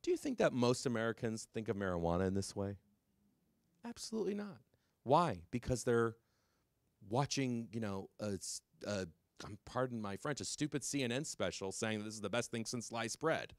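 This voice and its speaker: A man giving a public talk to parents, animated and quick, with many fillers and restarts. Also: fairly low pitch, no echo, studio quality. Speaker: drug policy speaker.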